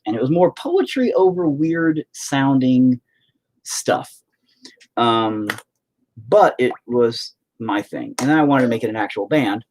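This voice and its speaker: A man in his forties, a musician hosting a live stream, chats casually in a rambling, profane and sarcastic way. His voice is medium-pitched and a little mellow.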